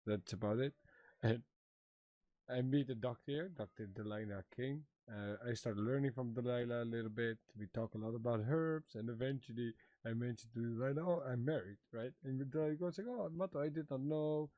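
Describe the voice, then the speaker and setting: A cheerful tribesman rambles through a story in broken English, mimicking everyone he quotes, as a man plays him. The voice sits at an ordinary pitch and the sound is dry and close, with no room at all. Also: a little fast, no room sound, narrow, tinny audio, lightly acted. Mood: bemused. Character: Wapiti tribesman Mato, married man, playful storyteller. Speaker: roleplayer in a western game. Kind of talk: in-character roleplay chat.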